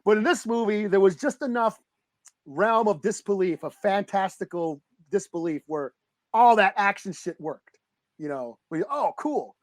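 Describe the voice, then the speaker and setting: High-voiced excitable man, rambling chat. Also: normal speed, dry recording, clean studio sound. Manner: rambling, excitable, swears freely. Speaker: podcast co-host. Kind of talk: casual movie review chat.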